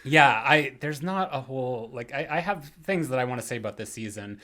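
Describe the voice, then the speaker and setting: A man hosting a podcast in casual chat, relaxed and hedging, often repeating words. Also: medium pitch, brisk. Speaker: podcast host.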